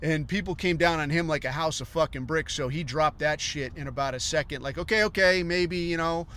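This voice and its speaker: A man's voice: a little high, steady tone, brisk, fairly bright tone, a little hiss or hum. A man ranting on a podcast, rambling and profane, sometimes mocking other people in put-on voices. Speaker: podcast host.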